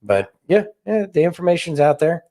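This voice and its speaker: A man's voice: on the high side, big pitch swings, normal speed, mellow. A man hosting a podcast, delivering rambling, opinionated political commentary with sarcastic asides. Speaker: podcast host.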